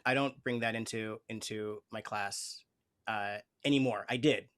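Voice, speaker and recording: A man's voice: lowish voice, fairly even intonation, a little slow, a bit bright. A man hosting an interview who talks in an earnest, reflective way, often searching for his words as he explains his thoughts as an improv teacher. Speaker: host. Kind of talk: conversational interview.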